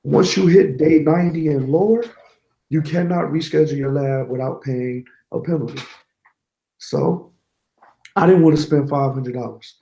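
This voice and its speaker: Gravelly man telling a candid story. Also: on the high side, normal speed, roomy sound, poor audio. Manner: candid, animated storytelling with quoted dialogue. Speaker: guest, certified network engineer. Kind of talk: casual interview storytelling.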